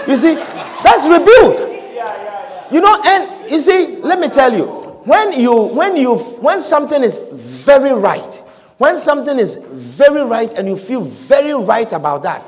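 An unusually high-voiced man preaching with wide, lively swings of pitch. He repeats his points and calls out hallelujah and amen. His voice rings through a long echoing church hall. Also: a little slow. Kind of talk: sermon.

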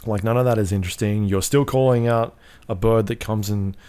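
Rambling, low-voiced male podcast co-host. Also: fairly even intonation, fairly quick, mellow, clean tone. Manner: rambling, filler-heavy, swears freely. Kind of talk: casual chat about video games.

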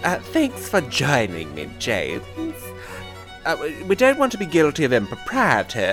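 A man co-hosting a casual podcast, chatty and quick to laugh. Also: medium pitch. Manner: animated, laughs often. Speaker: podcast co-host. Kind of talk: casual chat.

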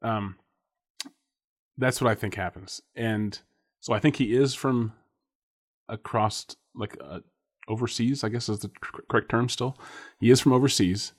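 Lower-voiced man rambling and laughing. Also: a little slow, pauses often, husky. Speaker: podcast co-host. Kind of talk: casual chat.

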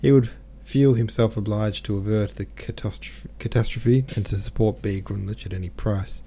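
A man reading a classic novel aloud as an audiobook narrator, in a measured, even storytelling manner. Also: on the low side, a little hiss or hum. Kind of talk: scripted literary narration.

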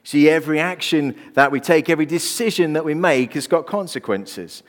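Earnest preacher in a reverberant hall. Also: male voice, fairly high pitch, animated, fairly quick. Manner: earnest, personal storytelling preaching. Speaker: pastor. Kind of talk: sermon. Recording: long reverb of a large hall.

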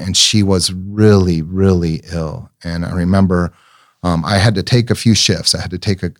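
Earnest middle-aged man, low voice. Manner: earnest and gentle, often repeating words as he searches. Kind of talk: reflective sermon-like talk with personal stories.

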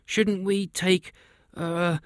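A man reading a storybook, voicing a flustered young knight who stutters in a high, anxious voice. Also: little pitch movement, drawn-out words, no echo, studio quality.

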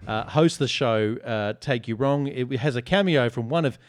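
A man's voice: mid-range voice, normal speed. A man hosting a casual podcast, joking and teasing as he reads listener reviews. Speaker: podcast host. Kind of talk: casual chat.

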